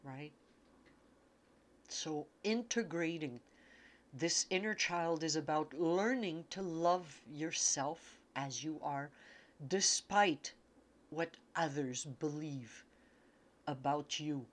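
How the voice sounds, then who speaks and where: A woman speaks slowly in a lowish voice, giving an unscripted spiritual talk. She sounds tearful and emotional, pausing and repeating her words as she goes. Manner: emotional, halting, repeats herself.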